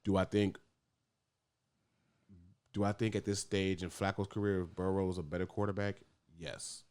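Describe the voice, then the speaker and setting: A man co-hosting a podcast, talking sports in casual chat, animated and swearing freely. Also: deep voice, moderate pace, clear, resonant tone. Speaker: podcast co-host.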